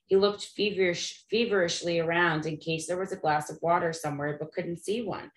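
Woman reading a storybook out loud, lowish voice, steady n plain, roomy echo. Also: a little fast. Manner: steady, plain read-aloud narration. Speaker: reader.

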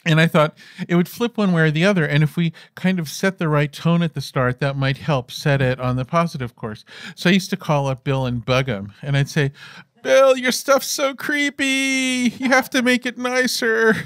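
This man in his fifties speaks fairly high and a bit quickly, captured in a dry, clean studio recording. As an interview guest on stage, he tells stories conversationally and rambles, restarting often and leaning on fillers.

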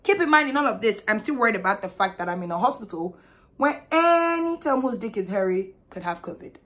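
Young nigerian woman doing a storytime vlog, mid pitch, animated and blunt, lots of slang. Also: brisk. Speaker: vlogger.

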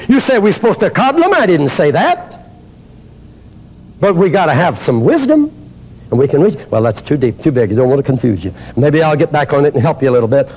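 An older man preaching a teaching sermon on healing, emphatic and exuberant, dropping to a hush and then rising to loud exclamations. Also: mid-range voice, huge pitch swings, a little fast, husky.

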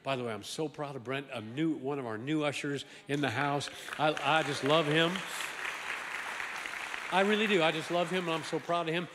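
A man preaching a sermon as pastor, animated and emphatic, swinging from loud exclamations to quiet asides and often repeating words. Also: on the high side, moderate pace, long reverb tail, crowd noise, noisy background. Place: large church sanctuary.

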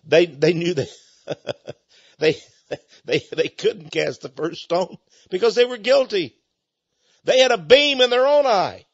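A man delivers a folksy sermon, telling stories with chuckles along the way. His husky voice sits a bit high and swings widely in pitch. The recording is dull and dry. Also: no echo. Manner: folksy, animated, chuckling storyteller. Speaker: preacher.

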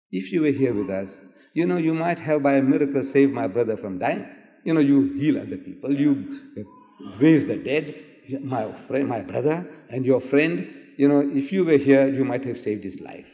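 An older man, preaching in an impassioned lecture that swings from loud emphatic cries to hushed asides. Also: medium pitch. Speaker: Islamic preacher in debate. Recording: echoey hall, dull old lecture tape.

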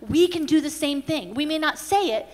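Earnest high-voiced woman in a hall. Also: expressive, normal speed. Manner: earnest storytelling with many restarts. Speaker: pastor and conference speaker. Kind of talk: conference teaching talk. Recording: reverberant hall.

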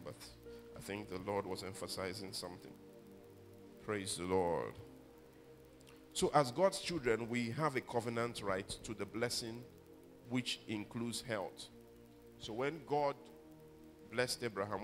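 A male preacher delivers a sermon in a bright, forceful voice. He speaks emphatically and leads the congregation in call-and-response. Faint music sits behind him. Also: on the low side, a little slow, pauses often, long reverb tail. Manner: emphatic, rises to loud exhortation.

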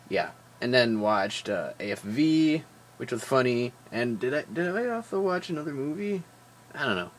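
A man rambles through his daily vlog, tired but jokey and animated. His voice sits at an ordinary middle pitch and is full of fillers and quick asides. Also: a little hiss or hum. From Wisconsin. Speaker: vlogger. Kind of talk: casual daily vlog chat.

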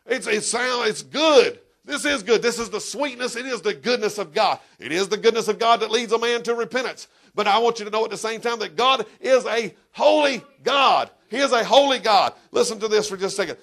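A man preaching a sermon as pastor in a church, emphatic and animated, breaking into shouts and talking straight to the congregation. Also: high-pitched, a little fast, vocal fry, hardly any pauses.

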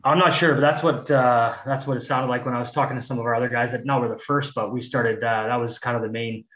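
A man's voice: mid-range voice, fast, a little hiss or hum. Man on a roomy, muffled call. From Canada. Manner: relaxed, rambling with many fillers. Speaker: guest, search and rescue technician. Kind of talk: casual conversation. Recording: roomy, dull lo-fi call audio.

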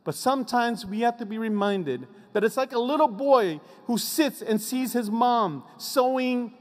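A man giving an inspirational commencement speech, emphatic, sinking low and slow on his repeated refrains. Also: animated. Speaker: commencement speaker. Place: graduation ceremony venue. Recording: long reverb of a large venue.

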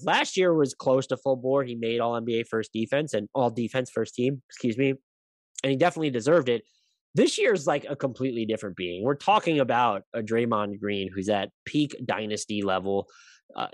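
A man's voice: medium pitch, no room sound. A man hosting a basketball podcast, talking casually in a rambling way, often correcting himself, stammering through details and swearing now and then.

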